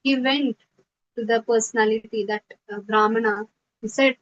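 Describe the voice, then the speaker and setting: A woman leads a devotional scripture class. Her voice sits a little high, and she tells her stories with earnest animation. The recording is slightly muffled and lo-fi. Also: fairly even intonation, moderate pace.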